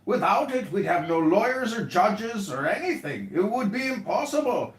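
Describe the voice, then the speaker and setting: A man with a high voice that swings widely holds court in an online audio chat room. He mocks and needles the other speakers and often bursts into shouting. The sound is roomy and echoey, like a live audio chat stream. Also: sing-song, moderate pace. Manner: mocking, sarcastic, bursts into shouting. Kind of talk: heated casual online debate. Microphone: phone or computer mic in an audio chat app.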